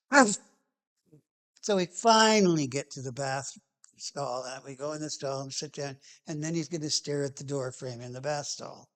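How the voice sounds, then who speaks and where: A man telling a personal memory behind a song, halting and restarting, with phrases that trail off softly. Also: a little high. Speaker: singer-songwriter telling a song's background. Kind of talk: personal reminiscence.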